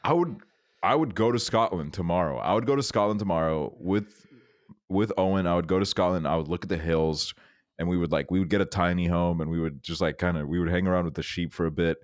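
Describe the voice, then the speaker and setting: A man's voice: sits low, fast talker, no echo, studio quality. A man hosting a podcast, in casual, rambling chat with swearing and many restarts. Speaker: podcast host.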